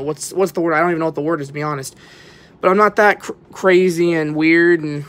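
Gravelly-voiced young rambling vlogger. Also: medium pitch, a bit bright. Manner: rambling, stammering restarts, often drops to a whisper. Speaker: vlogger touring an exhibit. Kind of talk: casual walkthrough commentary.

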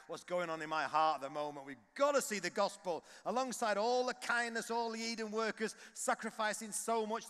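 Guy preaching hard, fairly high voice, big echoey hall. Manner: passionate, rising to loud exhortation. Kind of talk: sermon. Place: large conference hall. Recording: long hall reverb.

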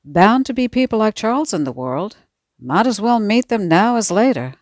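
A woman voicing a calm father who speaks in a reassuring, matter-of-fact way. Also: mid-range voice, moderate pace, no room sound, studio quality, pitched above the performer's own voice, lightly acted. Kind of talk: audiobook character voice.

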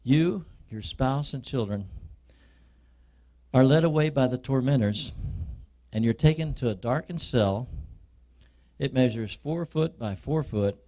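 A male preacher delivering a sermon as a dramatic, vivid story told to his listeners. He speaks very slowly, with long, weighty pauses. His voice sits at a medium pitch for a man. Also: mellow.

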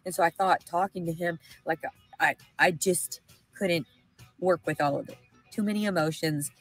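Rambling Southern American woman, low voice. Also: normal speed, slightly rough, no room sound, faint music behind, rough recording. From Arkansas, USA. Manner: rambling, emotional, profane. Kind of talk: rambling livestream monologue.

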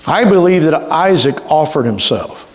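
A man pastor, preaching a sermon with emphatic delivery and slowly stretched key words. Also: a little high, big pitch swings. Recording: reverberant church hall.

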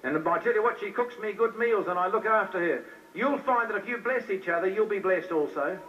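A man's voice: high-pitched, a little fast, slight background noise. A man preaching an evangelistic sermon to a hall, repeating himself and firing questions at the crowd. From New Zealand. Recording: distant, dull old live recording.

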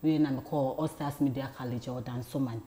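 A Ghanaian woman in her thirties, a talk show guest telling a personal story in lively casual chat, often repeating words as she goes. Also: a bass voice, a little fast. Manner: animated, repeats words, laughs while telling.

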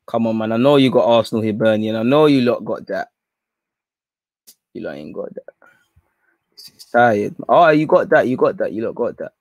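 A man hosting a live stream in casual chat. He is slangy and rambling, and he shifts between low mutters and excited outbursts. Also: normal speed, long pauses, dry recording, clean studio sound.

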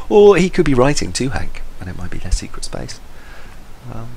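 A man's voice: mid-range voice, very animated, normal speed, vocal fry, darkish tone, a little hiss or hum, rough recording. A man giving casual let's-play commentary, rambling and jokey and going off on tangents.

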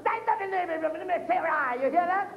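Male preacher, high-pitched and fervent, full of amens; echoey, phone-thin church recording. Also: quick pace, vocal fry, dull audio, slight background noise. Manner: fervent, punctuated with frequent amens. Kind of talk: sermon.

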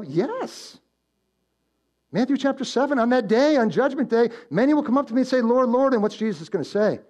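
A man preaching a sermon as pastor, swinging between loud emphatic build-ups and hushed low warnings, telling stories and posing questions to the congregation. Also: animated, a little fast, long pauses. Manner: storytelling with direct questions to the congregation. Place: church.

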